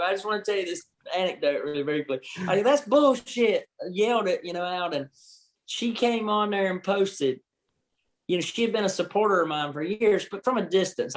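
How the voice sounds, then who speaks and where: Talkative Southern man, on the higher side. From Georgia, US. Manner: candid, animated storyteller. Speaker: actor, podcast guest. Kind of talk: casual podcast interview.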